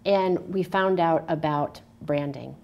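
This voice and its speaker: This woman has a deep, gravelly voice and an unhurried pace. A former opera singer, she recounts stories in a casual interview at a local cable TV studio, acting out the quotes and singing snippets with animated flair.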